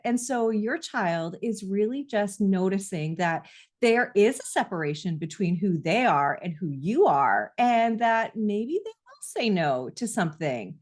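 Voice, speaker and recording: A middle-aged woman, a parenting coach, giving earnest, reassuring advice in a conversational way straight to camera. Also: mid-range voice.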